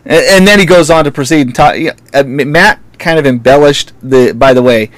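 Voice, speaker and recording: A man's voice: a little high, a little fast, no echo. Male radio co-host, casual chat, laughs a lot, dry close sound. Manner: laughs often, joking and animated.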